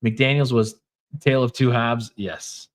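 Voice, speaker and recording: A man's voice: medium pitch, steady tone, a little slow. A man with a Minnesota accent hosting a casual livestream, talking in a wry, offhand way and reading comments from the chat aloud. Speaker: podcast host.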